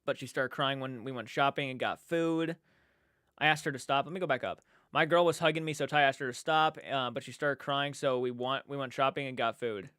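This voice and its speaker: A man's voice: medium pitch, steady tone, a little fast, pushed and bright, smooth, no echo, studio quality. A young man hosting a casual late-night livestream, reading chat aloud in a sleepy, yawning, rambling way with restarts. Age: young adult.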